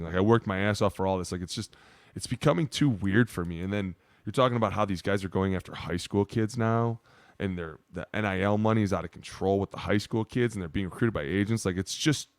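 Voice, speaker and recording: A fast, loose storyteller, this man in his thirties talks in a low voice and swears freely as he chats. The sound is dry and close, with no room around it. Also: no echo. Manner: loose, profane, animated storyteller. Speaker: podcast co-host, former player. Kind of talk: casual storytelling chat.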